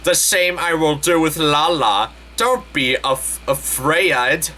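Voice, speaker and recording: A man voicing a male wizard professor who speaks calmly, softly and low, drawing out his words. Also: slow pace. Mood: sultry. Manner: calm, soft, low and drawn out.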